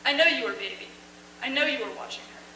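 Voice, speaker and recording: A woman voicing a gentle, grieving middle-aged father who pleads with his child, his voice breaking. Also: high-pitched, lively intonation, fast talker, reverberant, distant mic, a little hiss or hum, rough recording. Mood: soothing.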